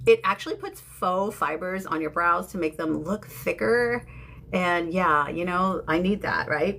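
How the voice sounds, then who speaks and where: A woman in her fifties from San Francisco, chatting casually during a makeup livestream and greeting viewers by name, with bursts of high excitement. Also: gravelly. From San Francisco, USA. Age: 50s. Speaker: beauty creator.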